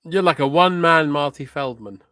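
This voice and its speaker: A man co-hosting a comedy show, chatting casually with dry, deadpan quips. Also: on the high side, brisk, smooth.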